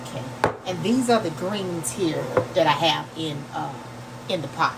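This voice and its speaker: A woman's voice: deep voice, normal speed, creaky. A woman chatting folksily to her viewers as she cooks in her home kitchen. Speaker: cooking vlogger. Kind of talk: casual cooking demo chat. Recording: noisy home recording.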